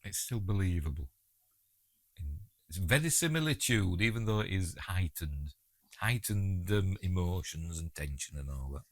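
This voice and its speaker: A man's voice: low-pitched, lively intonation, normal speed, dry recording, studio quality. A man with a Yorkshire accent giving a chatty, jokey audio commentary on a film and talking back to the characters on screen. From England.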